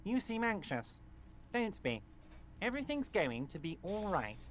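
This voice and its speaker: An actor voicing a large, smooth-talking union boss in a video game, folksy and reassuring with a needling edge. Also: male voice, sits high, sing-song, a little slow, background noise. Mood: soothing.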